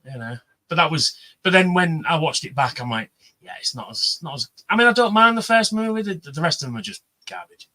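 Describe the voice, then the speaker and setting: A man telling an animated story on a livestream panel, swearing freely and acting out the voices of the people he quotes. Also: fairly high pitch, fairly quick, poor audio. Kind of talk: casual chat, storytelling.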